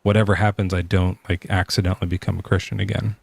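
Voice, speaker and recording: A man's voice: low voice, level tone, quick pace, vocal fry. A man calling in to a late-night debate, questioning a believer in a sarcastic, teasing way. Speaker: atheist caller. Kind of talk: mocking debate call.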